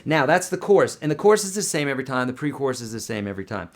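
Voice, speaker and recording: A man's voice: mid-range voice, big pitch swings, very fast. A man teaching a song on guitar in a live stream, talking casually and breaking into sung lines. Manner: casual, chatty explaining with sung demo lines. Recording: loud guitar playing behind voice.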